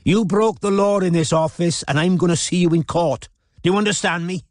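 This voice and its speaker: A man voicing a spiteful, hysterical middle-aged Welshman with a Welsh accent, sneering and shouting in an audiobook. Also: fairly high pitch, big pitch swings, unhurried, dry recording, studio quality, voice pushed up. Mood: furious. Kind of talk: audiobook character voice.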